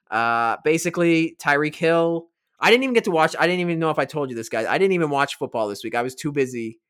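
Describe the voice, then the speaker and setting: Smooth-voiced man hosting a podcast. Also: mid-range voice, fairly bright tone. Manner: playful, hyped storytelling. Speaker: podcast host. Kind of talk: casual podcast chat.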